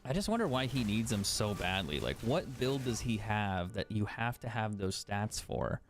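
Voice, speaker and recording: A man's voice: on the low side, sing-song, normal speed, a little hiss or hum. A young man chatting casually as a game streamer, swearing freely and laughing often. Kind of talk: casual gaming stream commentary.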